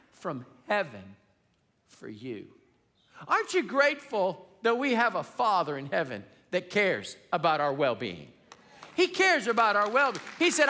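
A man preaching a sermon as pastor, telling a story with humor in an animated, emphatic way and. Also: extremely high pitch. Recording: long reverb of a large hall.

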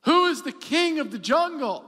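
A man's voice: very high-pitched, lively intonation, moderate pace, pushed and bright, long reverb tail, pitched above the performer's own voice, full character voice. A man voicing a boastful male lion who demands to be called king of the jungle. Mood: demanding. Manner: proud, demanding questions.

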